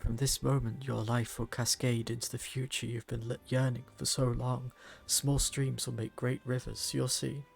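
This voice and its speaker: A man voicing a calm, solemn wounded mystic who speaks slowly and measured. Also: medium pitch, gravelly, faint music behind, natural voice.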